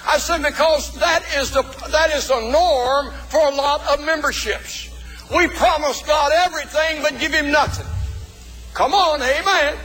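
A man's voice: extremely high pitch, measured pace, a bit bright, soft background music, low-quality recording. A male pastor preaching a sermon, telling stories and calling out to his congregation. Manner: storytelling preacher, calls out to the congregation.

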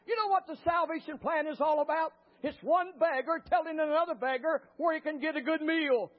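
A man preaching a sermon as a pastor, telling stories with fervor and rising to shouts. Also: very high-pitched, fairly quick, few pauses. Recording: muffled lo-fi recording.

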